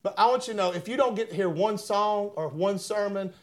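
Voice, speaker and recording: A man preaching a fervent sermon in church, often repeating words in stammering bursts and building up to shouts. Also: sits high, a little fast. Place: church sanctuary.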